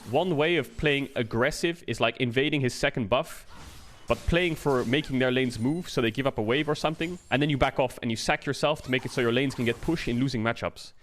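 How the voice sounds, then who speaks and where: A man's voice: mid-range voice, a little fast, fairly bright tone, slight background noise. A man streaming a casual explanatory rant, talking it through conversationally, often checking in with the listener and swearing now and then. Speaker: streamer and game analyst.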